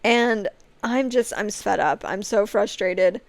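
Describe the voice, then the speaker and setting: A woman's voice: mid-range voice, slow pace, no echo. Frustrated woman vlogging in a dry room. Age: late 20s. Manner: frank, rambling, restarts often, frustrated about social media. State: on the verge of tears. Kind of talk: casual talking-to-camera vlog.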